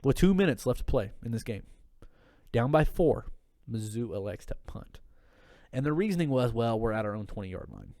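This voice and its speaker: A man's voice: mid-range voice, big pitch swings, moderate pace, dark tone, dry recording, studio quality. A man talking casually on a podcast, telling a heated, profane story and sounding a little tipsy. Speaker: podcast guest. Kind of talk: casual drunk podcast chat.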